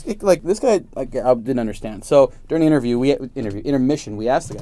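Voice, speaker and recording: A man's voice: medium pitch, fast, few pauses. A man telling a story in a casual chat, acting out the people in it. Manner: animated, acts out the people in his story.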